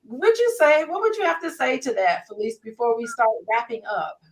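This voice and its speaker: Woman host, high voice, lively chat-reader. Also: normal speed. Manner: lively, reads viewer comments aloud. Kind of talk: live-stream panel hosting.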